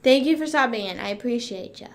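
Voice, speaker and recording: Bubbly young woman livestreamer, slightly high. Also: expressive, fast. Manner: bubbly, rambling, heavy use of "like", bursts into song. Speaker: livestream host. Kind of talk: casual livestream chat.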